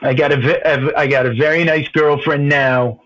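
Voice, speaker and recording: A man calling in to a movie podcast, rambling and halting, laughing at his own stories. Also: on the high side, fairly even intonation, fairly bright tone, lo-fi sound, faint music behind. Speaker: caller. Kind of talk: casual phone-in chat.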